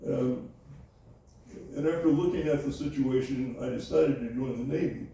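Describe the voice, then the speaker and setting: Older man, oral history interviewee: dark, gravelly voice, halting speech with many restarts, recorded from a distance. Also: medium pitch. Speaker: interviewee, Navy veteran. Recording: echoey room, voice from far off.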